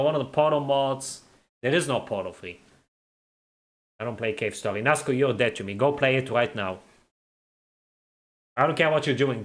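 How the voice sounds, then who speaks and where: A man's voice: mid-range voice, fairly bright tone. A young man chatting casually on a live stream, reading viewer comments, teasing and laughing often, and tripping over and repeating his words.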